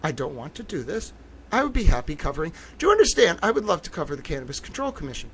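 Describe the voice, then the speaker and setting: A man hosting a livestream as a reporter, giddy and sarcastic with loud profane outbursts. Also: fairly high pitch, sing-song, very fast, slight background noise. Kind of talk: ranting livestream commentary.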